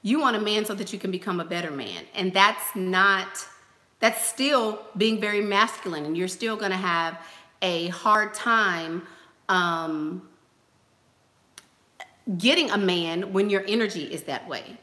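A woman's voice: medium pitch, measured pace, pushed and bright, reverberant. A woman hosting a casual livestream, giving advice in a chatty way, repeating phrases and using lots of fillers. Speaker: host.

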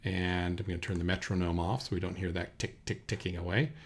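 A man teaching a software recording lesson at his computer, talking through each step in a relaxed way with fillers, into a desk microphone indoors. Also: deep voice, fairly quick, slightly rough. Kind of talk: screen-recorded software tutorial. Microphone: USB desk microphone.

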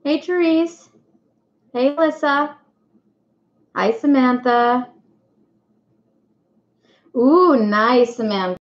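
A woman's voice: high-pitched, very slow, pauses often. A woman hosting a casual live stream, chatting and greeting viewers one by one by name. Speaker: livestream host. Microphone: webcam mic. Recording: echoey room, dull lo-fi sound.

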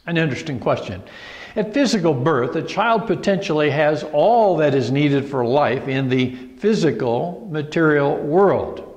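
A man preaching a sermon, reading scripture slowly and deliberately with emphatic pauses. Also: fairly high pitch, expressive, darkish tone, in a large hall.

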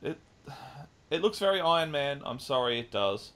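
Bright-voiced man recapping a film. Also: fairly high pitch, normal speed, smooth. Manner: animated retelling with swearing and mimicked lines. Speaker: podcast co-host. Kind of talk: casual chat, film review.

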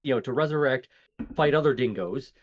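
A man's voice: medium pitch, expressive, a little fast, highs cut off. A man co-hosting a casual chat, adding wry, joking asides.

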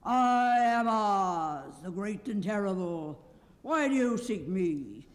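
A storybook wizard speaking unseen from his throne, as a woman reader puts him on. He draws every word out slowly and grandly. The sound hangs in a large reverberant auditorium. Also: mid-range voice, expressive. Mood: booming. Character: booming, then trembling hidden male wizard.

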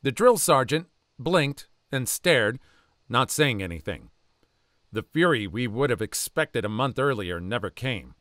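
A man reading online stories aloud as narrator, with quick asides of his own between them. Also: medium pitch, dry recording, clean studio sound. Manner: animated storytelling with quick asides. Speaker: story narrator.

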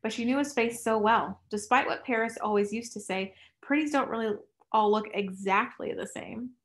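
A woman narrating an audiobook in a measured way, dropping to a hush in tense moments. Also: fairly high pitch. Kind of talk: scripted narration.

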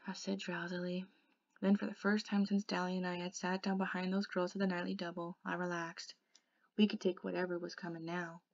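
A woman reading a novel aloud in an expressive way, softening to a hush in the quiet passages. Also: on the low side. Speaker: audiobook reader. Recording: dull lo-fi recording.

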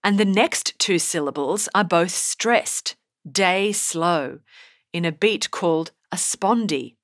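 Slow, measured woman narrating a lesson. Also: lowish voice, animated, dry recording, studio quality. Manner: measured, explanatory delivery. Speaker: poetry teacher. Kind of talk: scripted narration.

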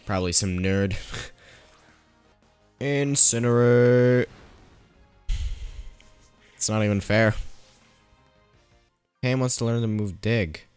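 A man's voice: lowish voice, moderate pace, long pauses, clear, resonant tone, dry recording, soft background music. A man giving casual let's-play commentary, thinking aloud and teasing the game's characters as he plays. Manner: thinking aloud while playing. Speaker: gameplayer narrating his playthrough.

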